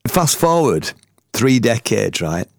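Gravelly man telling a tale. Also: medium pitch, very animated, takes it slowly, dry recording, studio quality. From north of England. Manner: colloquial, laughs through the telling. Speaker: storyteller and former band member. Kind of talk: anecdotal storytelling.

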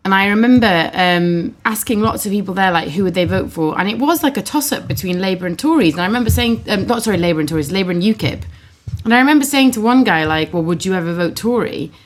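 A woman in a casual political chat, telling a canvassing anecdote in a lively way, full of "like" and "um". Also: medium pitch, fast talker. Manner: chatty, lively anecdotes full of likes and ums.

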